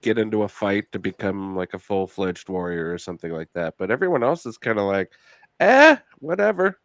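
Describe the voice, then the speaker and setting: A man's voice: low voice, brisk, no echo. A man co-hosting a casual film review chat, dropping dry, wry one-liners.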